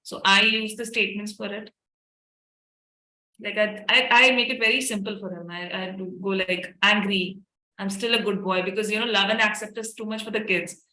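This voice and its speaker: A woman's voice: mid-range voice, steady tone, normal speed, pushed and bright, echoey room, low-quality recording. A woman, a therapist and parent, explaining tapping methods in a webinar talk. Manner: explanatory, repeats tapping statements. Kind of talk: webinar talk answering questions.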